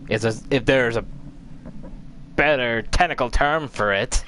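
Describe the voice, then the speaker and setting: A man's voice: mid-range voice, measured pace, fairly bright tone, a little hiss or hum. A man host casually recapping a video game story, rambling and repeating filler words as he recalls events. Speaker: gaming channel host.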